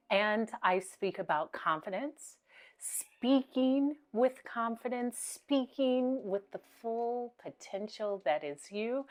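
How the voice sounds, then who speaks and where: A woman speaking coach giving motivational speaking tips, deliberate, pausing often and repeating key words. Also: mid-range voice.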